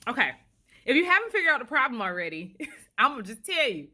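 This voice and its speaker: A woman's voice: sits high, big pitch swings, fast, sharp tone. A woman vlogger telling a funny story casually to the camera, laughing often, recorded on a handheld phone.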